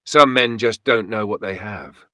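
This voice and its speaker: A man voicing a sweet, soft-spoken old widow in a horror story narration. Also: fairly low pitch, unhurried, no echo, studio quality. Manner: gentle, soft-spoken, whispering when shaken. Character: sweet old widow hiding a dark secret.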